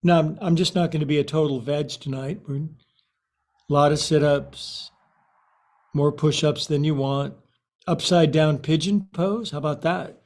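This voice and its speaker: Slow-talking joking male yoga teacher. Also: a little high, fairly even intonation, darkish tone. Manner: slow and joking, with quirky asides. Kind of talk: guiding a yoga class.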